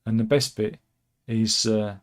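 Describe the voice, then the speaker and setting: A man's voice: lowish voice, level tone, a little slow. A man hosting casual satirical commentary on news stories, wry and rambling, with asides and restarts. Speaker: host of a satirical news channel.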